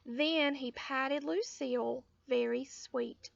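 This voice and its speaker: A woman narrating a children's storybook in an expressive, unhurried way. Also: sits high, no room sound. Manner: slow, expressive, gently gravelly. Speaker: audiobook reader. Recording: dull lo-fi audio.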